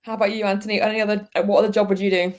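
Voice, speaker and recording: Quick-talking woman interviewer. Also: medium pitch, flat delivery, darkish tone. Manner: friendly, laughing, quick questions. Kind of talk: casual interview questions.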